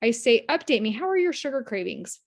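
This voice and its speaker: A woman's voice: a little high, very animated, brisk. A woman team leader giving a casual, earnest motivational talk on a video call, telling stories and acting out quoted lines. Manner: chatty, earnest, storytelling with quoted voices.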